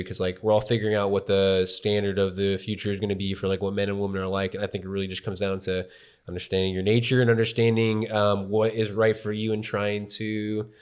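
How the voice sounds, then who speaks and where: Young man, lowish voice, quick and rambling, thinking aloud. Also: darkish tone, clear, resonant tone. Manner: rambling and hesitant, lots of fillers. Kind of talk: casual chat.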